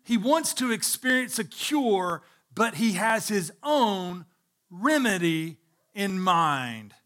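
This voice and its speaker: A male pastor delivering a sermon in a high, bright voice. He stresses his points by repeating phrases and turns to speak straight to the people in the pews. His delivery is emphatic and earnest. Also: very animated, slow pace. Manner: addresses the congregation directly.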